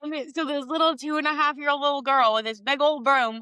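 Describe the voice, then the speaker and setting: Bright, chatty woman podcast host. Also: sits high, fairly even intonation, brisk, no echo, clean studio sound. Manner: upbeat, chatty storyteller. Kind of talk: interview conversation.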